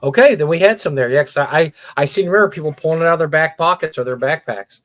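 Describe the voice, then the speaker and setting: A man's voice: on the high side, fast, a bit bright, dry recording. A middle-aged man co-hosting a casual gaming livestream, blunt and opinionated, often repeating words as he talks. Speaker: podcast co-host.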